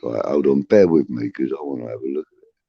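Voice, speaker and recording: A man's voice: extremely low pitch, fast talker, vocal fry, slightly rough, no room sound, highs cut off. A man hosting a casual livestream, rambling with many restarts and swearing, reading out chat comments. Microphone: phone.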